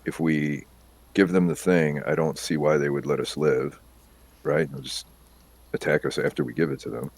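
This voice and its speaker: A man talking as a player in a tabletop game, relaxed and folksy. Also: rumbling low, moderate pace, creaky, breathy edge. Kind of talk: casual chat at a game table.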